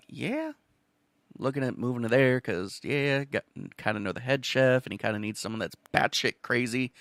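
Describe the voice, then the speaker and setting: A man's voice: medium pitch, a bit bright, no room sound, clean studio sound. A man from Wisconsin hosting a cooking show alone, talking in a casual, rambling monologue that is profane and jokey, with stammers and self-mocking asides.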